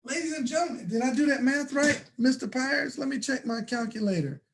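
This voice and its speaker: A man giving a motivational sales talk to an audience, emphatic and preacher-like, with bursts of shouting and slow, stressed phrases. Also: extremely high pitch, slight background noise. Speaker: presenter.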